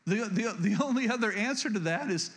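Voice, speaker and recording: Guy preaching a sermon, kinda high voice, stumbles and restarts a lot, repeats stuff for emphasis. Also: lively intonation, brisk, a bit bright. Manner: earnest, repeats key lines for emphasis; frequent stutters and restarts. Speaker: pastor.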